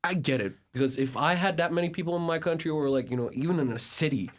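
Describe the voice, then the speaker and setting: An American man, a podcast guest, telling travel stories in a casual, animated way, laughing and acting out the people he quotes. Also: on the high side, fast, a little hiss or hum. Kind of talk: casual storytelling.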